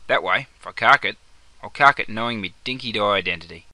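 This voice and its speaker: A man's voice: on the low side, fast, pushed and bright, no echo. A young man with an Australian accent playing an easygoing mate who talks in slang in a comedy sketch. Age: young adult. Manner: broad slang-laden banter. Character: young Aussie bloke Jono, easygoing mate.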